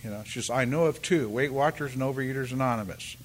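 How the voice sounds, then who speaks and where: An older Californian man shares at a recovery meeting in a halting, rambling way, restarting often and saying "you know," while voicing the people in his story. His pitch is medium.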